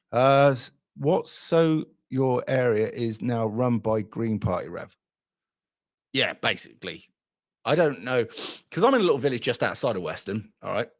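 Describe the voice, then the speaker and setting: A middle-aged man, ranting bluntly and profanely to camera as a channel host and retelling a pub story. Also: lowish voice. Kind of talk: casual ranting vlog.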